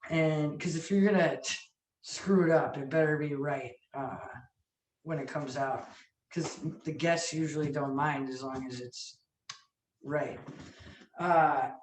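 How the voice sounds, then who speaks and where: A woman restaurant owner telling stories in a casual interview, animated, swearing freely and acting out what people said. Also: low-pitched, slow pace, pauses often, slight background noise. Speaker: restaurant owner and sandwich chef. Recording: echoey room, mic far off.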